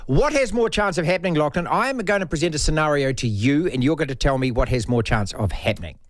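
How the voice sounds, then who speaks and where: A man hosting sports radio, teasing and quizzing his co-host in lively banter. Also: on the high side, quick pace, no room sound.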